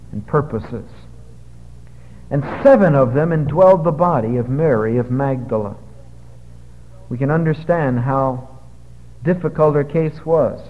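Man preaching with dramatic swings. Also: fairly high pitch. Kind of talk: sermon. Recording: muffled, with long hall reverb.

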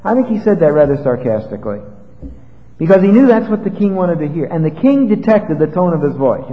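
A man preaching an expository sermon, retelling a Bible story in a conversational, animated way. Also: fairly high pitch, a little fast. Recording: dull lo-fi with long reverb.

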